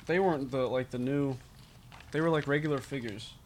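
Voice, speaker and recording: A man's voice: mid-range voice, a little fast, a little mellow, a little hiss or hum. A man co-hosting a casual chat about toys and movies, laid-back and often echoing his co-host. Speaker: podcast co-host.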